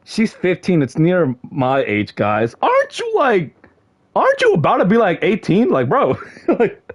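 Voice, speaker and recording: Excitable high-voiced young streamer guy. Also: measured pace. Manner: excitable, shouts in mock frustration, slangy with lots of "bro". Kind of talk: casual livestream chat to viewers.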